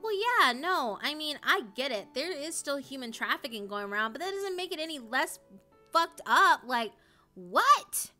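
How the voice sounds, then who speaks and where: Young woman, casual live-stream chat, bright tense voice, a little high, emotional and sweary, faint music behind. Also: very animated, moderate pace. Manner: emotional, swears a lot, swings between loud outrage and low dejected mumbling. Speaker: streamer reacting to a story.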